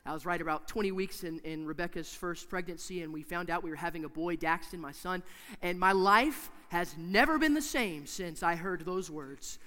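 A man preaching a sermon in a church, emphatic and repetitive, swinging from hushed to loud. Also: sits high, moderate pace, in a large hall.

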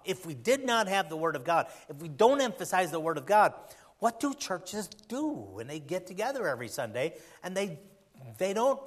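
A man with a notably high voice delivers a church sermon as its pastor. He swings between hushed asides and loud, emphatic peaks, stretching out the phrases he wants to land. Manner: emphatic preaching, swings from soft to loud, slows on key phrases.

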